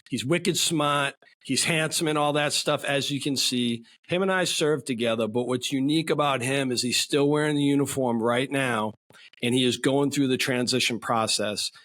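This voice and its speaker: A man's voice: medium pitch, fairly bright tone. A middle-aged man with a New England accent hosting a podcast interview, upbeat and folksy, calling his guest "brother". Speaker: podcast host. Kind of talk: casual interview chat.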